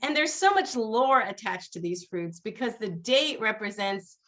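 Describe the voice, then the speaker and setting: Bright-voiced woman rabbi on a video call. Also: on the high side, animated, a little slow. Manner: chatty, laughs often, chants Hebrew blessings. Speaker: rabbi leading a seder. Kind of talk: leading a video-call Tu Bishvat seder.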